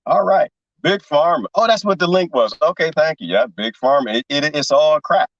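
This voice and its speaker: A man's voice: a little high, expressive, moderate pace, fairly bright tone, no echo, distant mic, lo-fi sound. A man chatting on a livestream, rambling and conspiratorial, laughing often as he reads viewer comments. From lives in Texas. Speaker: livestream host. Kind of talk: casual livestream chat reading comments.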